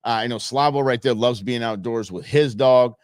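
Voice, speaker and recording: A man's voice: medium pitch, normal speed, dry recording. Rambling male host with dry sound. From United States. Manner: rambling, chuckling, with many fillers. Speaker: show host. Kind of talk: casual commentary on viral videos.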